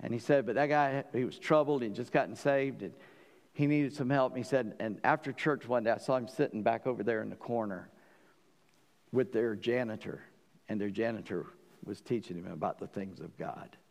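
A man's voice: medium pitch, normal speed, gravelly, big-room sound. A man preaching a sermon as pastor. He talks earnestly, often stumbles and restarts, and builds to emphatic peaks.

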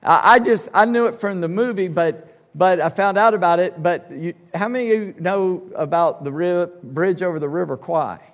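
A man's voice: sits high, normal speed, big-room sound. A male pastor preaching a sermon in an emphatic, conversational way with casual asides. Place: church sanctuary.

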